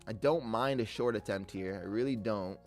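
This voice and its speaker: A man's voice: fairly low pitch, moderate pace, a little mellow, faint music behind. A man live-streaming his day trades, talking through the charts in a laid-back, upbeat way and greeting chatters as king and brother. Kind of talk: live trading commentary with chat shout-outs.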